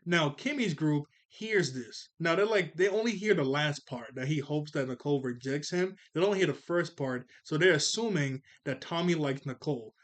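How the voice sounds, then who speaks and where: A man's voice: on the high side, normal speed, few pauses. A man in his twenties casually reviewing a cartoon episode, rambling and often correcting himself. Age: 20s. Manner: rambling, laid-back, self-correcting.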